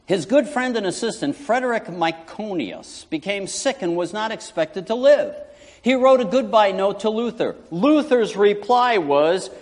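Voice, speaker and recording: A man preaching a sermon as pastor, animated, swinging from loud preaching to quiet asides. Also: high voice, in a large hall.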